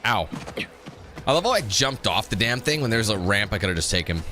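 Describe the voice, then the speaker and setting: This gaming YouTuber has a lowish voice with big pitch swings and talks briskly over music. He rambles chattily while playing a video game, often correcting himself mid-sentence.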